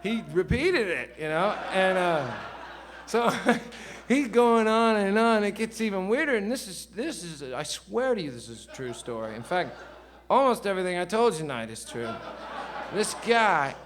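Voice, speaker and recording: A man's voice: sits high, big pitch swings, normal speed, a crowd in the background. A man, telling a long rambling story between songs at a live show, loose and chatty with swearing. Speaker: singer-songwriter on stage. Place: live concert venue.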